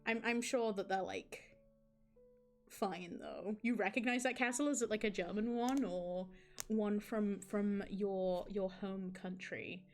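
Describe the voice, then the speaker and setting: A woman's voice: medium pitch, measured pace, faint music behind. Rambling, self-mocking woman streamer. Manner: rambling, self-mocking chat with frequent restarts. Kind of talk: reading a visual novel aloud on a live stream.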